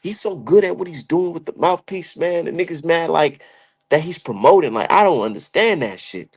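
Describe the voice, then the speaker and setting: A man's voice: on the high side, normal speed, husky. Heated, profane young man ranting. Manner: heated, profane, animated, slangy. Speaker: boxing commentary streamer. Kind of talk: ranting casual commentary.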